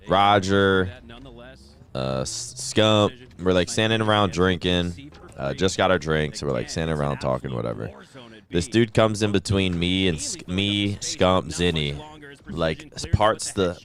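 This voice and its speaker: A man with a very low voice hosts a stream. He chats casually and tells loose, profane stories. He acts out other people's lines as he goes. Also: fairly bright tone. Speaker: streamer host. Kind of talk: casual chat, telling stories.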